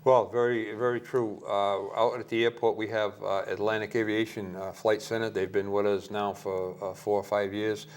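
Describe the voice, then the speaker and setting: Low, flat-voiced hesitant man. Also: moderate pace, hardly any pauses, smooth. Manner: hesitant, many "uh" fillers, cautious. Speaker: airport manager, guest. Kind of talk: interview answers.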